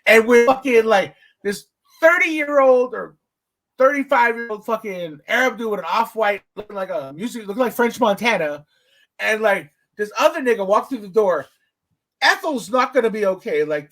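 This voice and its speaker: High-voiced podcast guy, swears a lot, voice jumps up and down all the time. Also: moderate pace. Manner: animated, profane storytelling with big pitch swings. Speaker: podcast host. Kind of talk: casual podcast chat.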